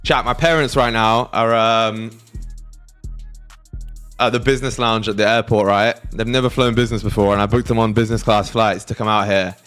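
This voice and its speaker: A man's voice: fairly low pitch, steady tone, normal speed, a bit bright, clear, resonant tone, faint music behind. A young British man chatting casually on a live trading stream, slangy and talking straight to his chat.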